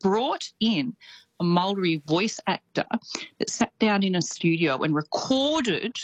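A woman's voice: mid-range voice, animated, takes it slowly, no room sound, rough recording. A middle-aged Australian woman with a slight Kiwi tinge, chatting enthusiastically as a radio show's New Zealand correspondent. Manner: chatty, enthusiastic, laughs easily.

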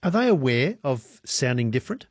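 A man hosting a radio interview, asking questions in a halting way with ums and uhs. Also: medium pitch, very animated, dry recording, clean studio sound. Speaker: radio host.

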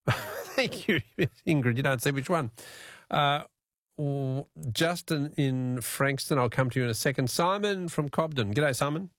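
Over a studio mic, an Australian-accented radio quiz host chuckles and makes fun of himself as he chats casually with callers in talkback style. He has a mid-range, fairly bright voice, speaking a little slowly on a dry recording.

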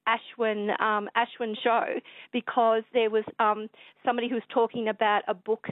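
An Australian woman calling a radio show, telling a rambling, excitable story full of fillers. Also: fairly high pitch, normal speed, dry recording. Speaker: caller. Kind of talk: rambling phone call to radio. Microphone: telephone. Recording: tinny phone line.

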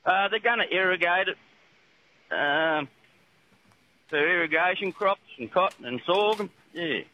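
A man's voice: high-pitched, lively intonation, measured pace. A man with an Australian accent calling in to a radio show, laconic and plain-spoken. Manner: laconic, calls everyone mate. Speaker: caller. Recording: dull phone line with faint hiss.

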